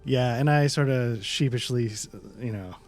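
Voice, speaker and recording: A man's voice: mid-range voice, normal speed, a little mellow, faint music behind. Casual man describing his character's moves. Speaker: player. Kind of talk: describing his character's actions in a tabletop game.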